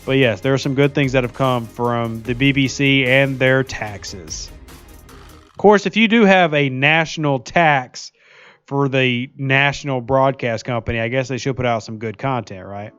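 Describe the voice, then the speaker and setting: A man's voice: medium pitch, measured pace, fairly bright tone, smooth, faint music behind. A man streaming a mobile game, chatting casually and jokingly while reading viewer comments aloud. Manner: chatty, jokey, laughs often, reads viewer comments aloud. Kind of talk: casual live-stream chat while playing.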